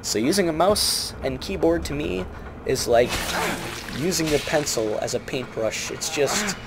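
A man's voice: on the high side, animated, measured pace, very noisy. Rambling, joking young man gamer. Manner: rambling, joking, self-mocking. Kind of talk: let's play commentary. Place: at home at night. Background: game music.

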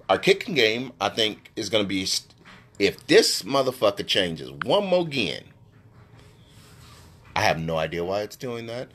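A brash, profane man ranting casually into a phone on a live stream. His pitch swings widely, leaping up high when he gets worked up. His trash talk is blunt and mocking. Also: fairly bright tone. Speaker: live-stream sports show host.

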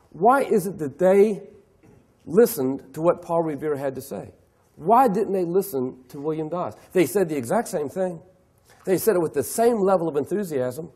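Animated husky male keynote speaker. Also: on the high side. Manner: animated, acts out clients' voices, asks the audience questions. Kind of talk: lively keynote talk to an audience.

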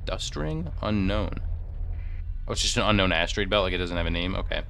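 Bright-voiced young man rambling over a game. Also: sits low, animated, a little fast, gravelly, soft background music. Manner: rambling, thinking aloud, self-deprecating. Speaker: game streamer. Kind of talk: casual gameplay commentary. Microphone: desk microphone.

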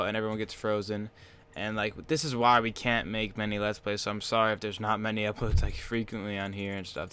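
A young man commentating his own game, excitable and swearing, with bursts of loud disbelief, on a headset mic at his computer. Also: fairly low pitch, a little hiss or hum. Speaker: gaming channel host. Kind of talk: Let's Play commentary.

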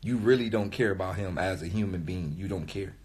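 A man's voice: sits low, fairly quick, a little mellow, breathy edge. A man who raps, talking into his phone on a livestream in a rambling, profane rant that repeats itself for emphasis. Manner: repetitive, emphatic, swears often. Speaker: rapper livestreaming to followers. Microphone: phone mic on a live stream.

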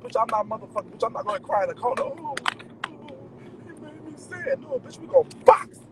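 A man venting to his viewers in an animated, profane, emphatic rant. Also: very high voice, a little fast, background noise. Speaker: vlogger. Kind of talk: ranting straight to camera.

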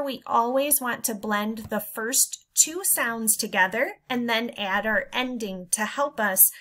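A woman leads a phonics lesson for young children, sounding out each letter slowly and warmly cheering them on. Her voice is bright and fairly high. She leaves room after each sound for the children to repeat it. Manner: slow, encouraging, drawn-out sounds. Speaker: teacher.

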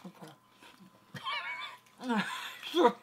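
A man reacting to snacks in a casual tasting chat, giggly and quick with short enthusiastic comments. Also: noisy background. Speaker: co-host.

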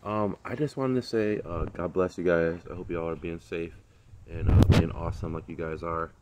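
A relaxed man chatting to his viewers from his backyard garden, his voice sitting very low. He talks in an easygoing, slangy way, full of ums and uhs, as if filming on a phone outdoors. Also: moderate pace, very noisy. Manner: laid-back, slangy, lots of fillers. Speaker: vlogger. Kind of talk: casual chat.

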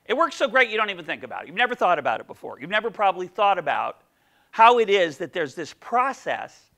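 A man's voice: high voice, very animated, quick pace, bright, forceful tone. A middle-aged man giving an economics seminar lecture, playful and full of questions for the audience. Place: lecture room.

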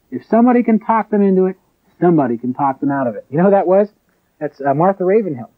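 A man preaching a sermon in an emphatic way, with sharp rises and drops. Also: a little high. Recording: tinny phone-like lo-fi recording.

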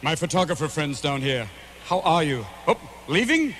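A man in his forties performing live stand-up comedy in a large venue, manic and rapid-fire, jumping between voices. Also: a little high, very animated, a bit bright, slight background noise. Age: 40s.

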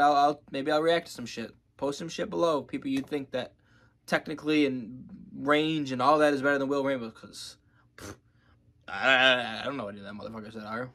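A man's voice: medium pitch, bright, forceful tone. A young man giving casual, profane, rambling reaction commentary on a music video.

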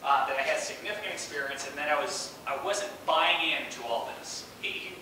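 A middle-aged man giving a lively storytelling talk as a guest speaker, acting out the voices of people he quotes. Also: mid-range voice, brisk. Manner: animated, acts out quoted voices. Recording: echoey hall, distant mic, noisy.

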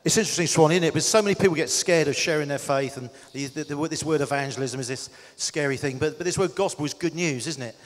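A man's voice: a little high, fast, few pauses. Chatty male interviewer, echoing hall. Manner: chatty, joking questioner. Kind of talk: stage interview. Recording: long hall reverb with faint noise.

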